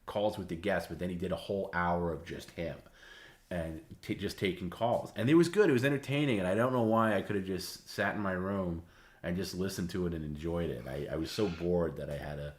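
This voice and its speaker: A man hosting a livestream and casually telling stories, rambling and halting as he repeats words. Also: low voice. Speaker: livestream host. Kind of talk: casual storytelling.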